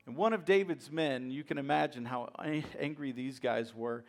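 A male pastor preaching a sermon, retelling a story dramatically and swinging from hushed lines to loud, emphatic ones. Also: medium pitch, normal speed, creaky, few pauses, faint music behind.

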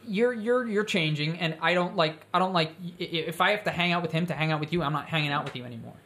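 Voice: medium pitch, fast, a bit bright, natural voice. Defiant teenage boy, as a storyteller acts him out. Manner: defiant, hurt, stumbling over words. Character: teenage boy standing up to a friend.

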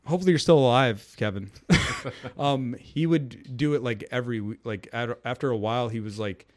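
On a podcast, a young adult man with a mid-range voice speaks briskly and chats casually. His story wanders in an animated way, and he performs the quotes of its characters in a raised, goofy voice.

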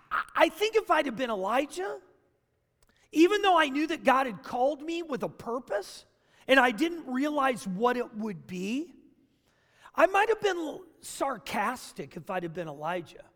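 A man preaching a sermon as pastor, dramatic, swinging between loud bursts and hushed asides. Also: extremely high pitch. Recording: long reverb of a large hall.

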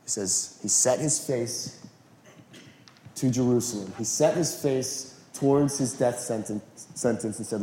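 A man preaching a sermon as a pastor, telling the story in a relaxed, conversational way and acting out the quotes. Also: medium pitch, unhurried, a little hiss or hum. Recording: echoey room.

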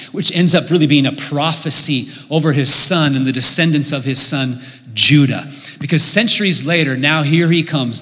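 A middle-aged man preaching a sermon in a church auditorium, telling stories with sudden swings between loud and quiet. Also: medium pitch. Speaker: pastor. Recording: long reverb of a large hall.

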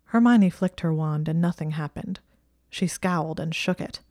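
Brief: steady storybook narrator, woman, darker warm tone. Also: low voice, normal speed, no echo, clean studio sound. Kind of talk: audiobook reading of fan fiction.

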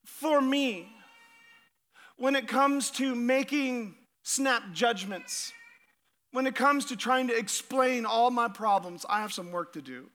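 A middle-aged man preaches with a high, sharp, bright voice. He is energetic, restarts and repeats his words, and keeps asking the congregation questions. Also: takes it slowly. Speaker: pastor. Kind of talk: sermon.

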